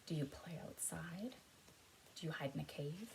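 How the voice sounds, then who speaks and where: A woman leading an interactive storytime for young children, reading aloud and guiding actions, moving between loud calls and soft whispers. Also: deep voice, normal speed, creaky, a little hiss or hum, rough recording.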